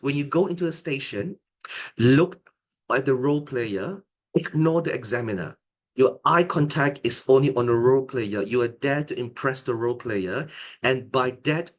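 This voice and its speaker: A middle-aged man teaching an online exam-preparation lecture as a tutor and examiner, calm and deliberate, often restarting his phrases. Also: mid-range voice.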